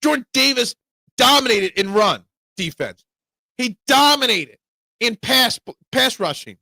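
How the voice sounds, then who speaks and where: A man hosting a live sports talk show, giving opinionated, excitable fan takes and answering chat. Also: extremely high pitch, unhurried, creaky, no room sound.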